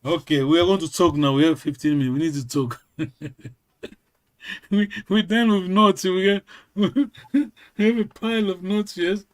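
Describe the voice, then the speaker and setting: A man who speaks natively, leading a language lesson. He says each word over and over in a voice that sits a little high. He talks in a patient, steady way. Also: normal speed. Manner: patient, repeats words many times. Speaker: language teacher.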